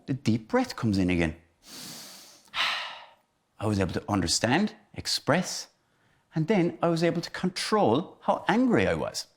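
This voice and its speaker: A man, a teacher giving a playful children's lesson about feelings and acting out each emotion. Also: on the low side.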